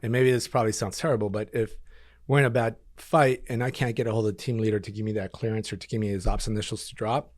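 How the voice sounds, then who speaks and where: A man's voice: fairly low pitch, quick pace, no echo, clean studio sound. A man in his thirties, a podcast guest and former combat controller, telling stories casually with lots of fillers and acted-out quotes. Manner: animated storyteller, acts out quotes, frequent fillers. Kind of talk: casual storytelling interview.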